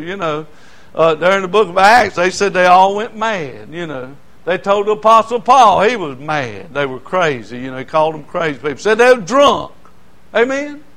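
An older man preaching a sermon, telling folksy stories in an animated way and breaking into shouts. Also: sits high, moderate pace. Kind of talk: sermon storytelling.

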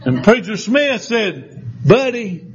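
Man preaching, high voice, folksy storyteller, slightly muffled recording with faint hiss. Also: normal speed. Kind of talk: sermon with storytelling.

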